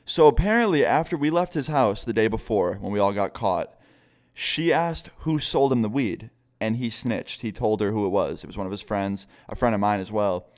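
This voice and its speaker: A man's voice: on the low side, expressive, moderate pace, darkish tone. A young man telling a casual storytime vlog in a loose, profane way, laughing now and then. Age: young adult. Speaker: vlogger.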